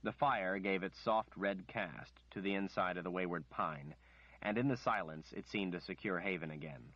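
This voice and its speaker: Deep-voiced man narrating an audiobook. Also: normal speed, no room sound. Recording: dry, slightly muffled recording.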